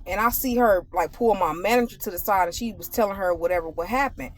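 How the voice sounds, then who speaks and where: A woman vlogger telling a casual, animated story to her viewers and turning it into a spiritual message. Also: mid-range voice, quick pace. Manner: animated, conversational, addresses viewers directly.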